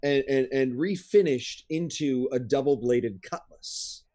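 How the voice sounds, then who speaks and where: A man's voice: medium pitch, a little slow, warm tone. A man narrating as game master of a tabletop game, casual with many fillers.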